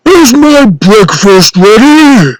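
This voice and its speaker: Storybook giant, bossy and bad-tempered, bellowing slowly, voiced by a man reading aloud. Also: very high-pitched, animated, no room sound, pitched above the performer's own voice, exaggerated voice, poor audio. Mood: demanding. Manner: slow bellowing demands.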